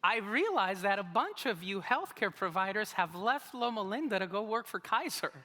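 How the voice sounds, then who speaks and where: Male pastor, animated and humorous preacher, very expressive pitch, echoing sanctuary. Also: moderate pace. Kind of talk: sermon. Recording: long reverb of a large hall.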